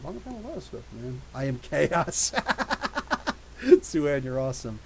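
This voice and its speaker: A man in his thirties hosting a live podcast, reading out chat messages and rambling animatedly with quick asides and frequent laughs. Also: a little high, sing-song, a little hiss or hum, poor audio. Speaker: podcast host. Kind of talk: live stream chat reading super chats.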